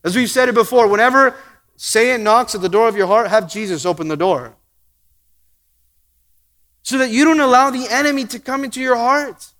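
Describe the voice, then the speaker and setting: A man preaching a sermon, slowing down to read scripture aloud and chuckling often. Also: very high-pitched, animated, a bit bright, in a large hall. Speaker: pastor.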